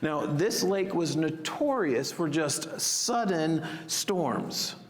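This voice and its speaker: A man preaching a sermon as pastor, expressive and acting out the disciples' panicked cries. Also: on the high side, slow, long reverb tail.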